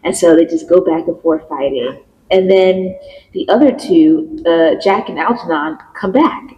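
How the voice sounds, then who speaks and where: A woman co-hosting a podcast, chatting casually as she retells a play's plot and acts out the quotes in a higher voice. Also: a little slow, warm tone, lo-fi sound. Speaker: podcast co-host. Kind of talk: casual chat recapping a play.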